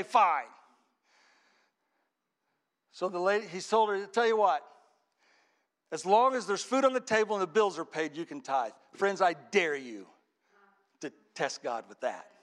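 Man, preacher, high-pitched, dramatic sermon storytelling, hushed to shouting.

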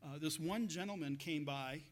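A man's voice: a little high, normal speed. Chatty storytelling preacher, man. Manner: storytelling with frequent laughs and restarts. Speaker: pastor. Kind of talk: conversational sermon.

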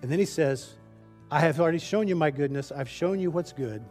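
A man preaching in a loose, conversational way, doubling back on his words as he walks through a scripture verse. His pitch sits a little high for a man. Soft music plays faintly underneath. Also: brisk. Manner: conversational, restarts phrases, acts out the people's whining in a raised voice. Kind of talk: sermon.

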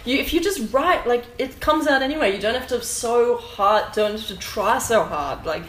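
A woman's voice: fairly high pitch, lively intonation, moderate pace, a bit bright. A woman co-hosting a podcast in casual chat, blunt and sarcastic, swearing freely. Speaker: podcast co-host. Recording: roomy echo.

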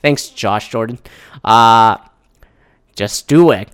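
A man's voice: mid-range voice, lively intonation, normal speed, fairly bright tone. A man hosting a casual solo podcast, rambling and sarcastic, swearing freely and restarting his sentences. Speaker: podcast host.

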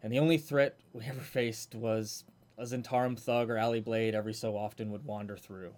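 Brief: man doing a sincere construct guard in a tabletop game, low voice, plain delivery. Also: fairly even intonation, brisk, a little mellow, natural voice. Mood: earnest. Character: male warforged automaton guard, earnest.

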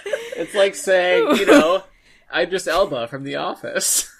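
A woman's voice: fairly low pitch, wildly swooping pitch, slow, background noise. A woman co-hosting a podcast, joking and rambling off on tangents. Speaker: podcast co-host. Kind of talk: casual podcast chat.

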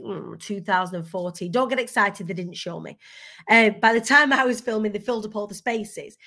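A woman, a guest speaker giving a candid, energetic motivational talk over a video call, swearing casually. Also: mid-range voice.

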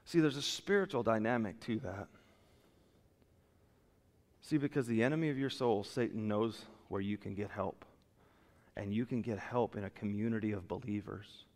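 Animated preacher man in a reverberant hall. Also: on the low side, normal speed, pauses often. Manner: animated, acts out quoted excuses, voice rises and drops sharply. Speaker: pastor. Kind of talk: sermon. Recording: long reverb of a church hall.

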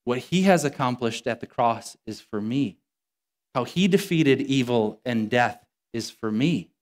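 A man preaching a sermon as a pastor, earnest and conversational, slowing down and growing quieter when he quotes scripture. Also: medium pitch, lively intonation.

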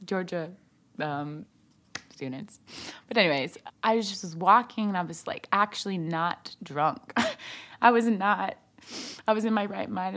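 A young woman from Ohio sharing her personal faith testimony as a guest, animated, acting out what others said, with many fillers. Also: fairly low pitch. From Ohio, USA. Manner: animated retelling, voices others' quotes, frequent fillers.

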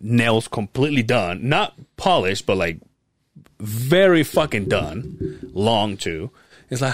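A man's voice: mid-range voice, a little slow. A young man co-hosting a podcast, telling a long casual story full of swearing and quoted voices. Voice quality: profane, animated retelling with quoted voices. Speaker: podcast co-host.

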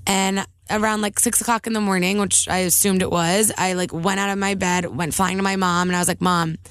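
A woman's voice: mid-range voice, little pitch movement, a little fast, clear, resonant tone, no echo. A woman co-hosting a podcast, telling a story in casual chat, with lots of "like" and quoted asides. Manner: breathless storytelling, full of "like". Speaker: podcast co-host.

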